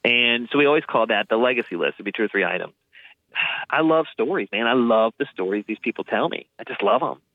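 Guy on a tinny phone line telling stories, lively, acts out voices, dry sound. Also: mid-range voice, a little fast, dry recording. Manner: lively storyteller, acts out quoted voices, says "man" and "dude". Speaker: guest, downsizing and hoarding cleanup expert. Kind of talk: casual interview storytelling.

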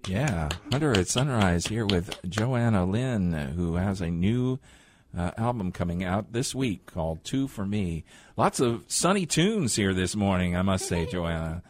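Radio host guy, lowish voice, easygoing, short questions into a studio mic. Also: animated, a little slow, slight background noise. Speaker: radio morning show host. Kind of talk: radio interview.

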